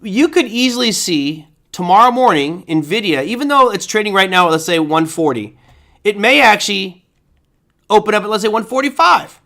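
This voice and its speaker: A man's voice: high-pitched, lively intonation, normal speed, bright, forceful tone. A man hosting a live trading stream, talking casually about the markets and answering viewer questions, often checking in with "right?". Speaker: trading show host.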